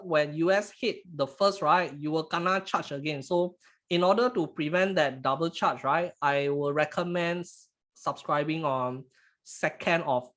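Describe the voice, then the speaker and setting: A man's voice: on the high side, fairly bright tone. Chatty Singaporean man hosting a webinar. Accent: Singaporean English. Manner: halting, stumbles and repeats words; chatty, ends phrases with "lah". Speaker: trading webinar host. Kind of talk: casual live webinar talk.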